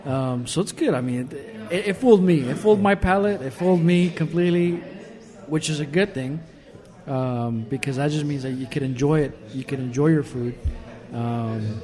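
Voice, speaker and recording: A man's voice: a little high, normal speed, mellow. A man hosting a podcast, chatting casually and rambling with many restarts. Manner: rambling, lots of restarts and "I mean". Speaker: podcast host. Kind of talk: casual chat.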